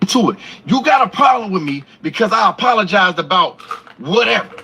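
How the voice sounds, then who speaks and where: Fast, husky, defensive young man. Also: high-pitched, animated, bright, forceful tone. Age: young adult. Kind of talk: casual vlog talk.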